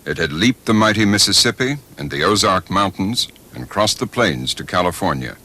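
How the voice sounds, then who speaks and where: A man giving measured, scripted documentary narration. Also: low-pitched, expressive, sharp tone.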